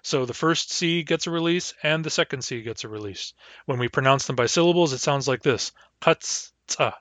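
A man's voice: medium pitch, fairly bright tone, dry recording. Guy teaching vocab, says each word twice real careful, dry dead-sounding mic. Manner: measured, spells out and repeats each word slowly. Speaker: language teacher. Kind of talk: recorded language lesson.

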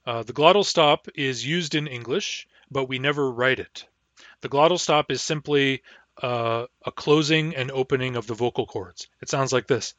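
Male teacher, patient explainer demonstrating throat sounds; bright voice, dry and a bit muffled recording. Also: mid-range voice, normal speed, dry recording. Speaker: language teacher. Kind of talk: pronunciation lesson.

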